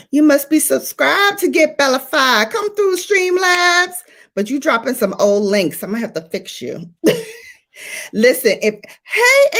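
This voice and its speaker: A woman's voice: extremely high pitch, a bit bright. A woman hosting a beauty livestream, chatting playfully and greeting viewers by name. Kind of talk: casual livestream chat.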